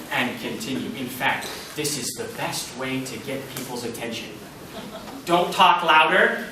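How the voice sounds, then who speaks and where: A man giving a public-speaking workshop lecture, animated and playful, acting out high and low voices and chuckling often. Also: unhurried, recorded from a distance. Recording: echoey lecture hall from afar, noisy.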